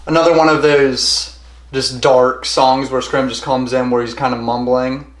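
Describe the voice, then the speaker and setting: A man's voice: mid-range voice, flat delivery, a little slow. Rambling, swearing young male album reviewer. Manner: rambling, heavy swearing, repeats himself. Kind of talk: casual music review monologue. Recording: roomy echo.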